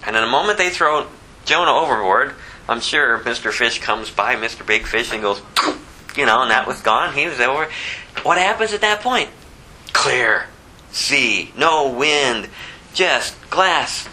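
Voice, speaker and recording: A man preaching a verse-by-verse sermon, telling the story animatedly and swinging from loud to hushed. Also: mid-range voice, expressive, unhurried, low-quality recording. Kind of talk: expository sermon.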